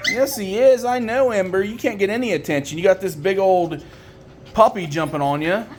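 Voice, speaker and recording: A woman filming her puppies, chatting fondly and teasing them, and jumping into high baby talk whenever she calls one over. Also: moderate pace, very noisy. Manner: fond, chatty, teasing the pups. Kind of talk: casual running commentary while filming.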